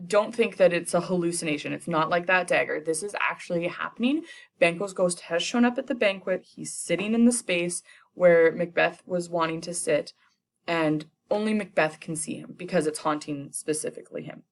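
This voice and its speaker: Low-voiced woman retelling a play casually. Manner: chatty, slangy paraphrase with playful quick character voices. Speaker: teacher.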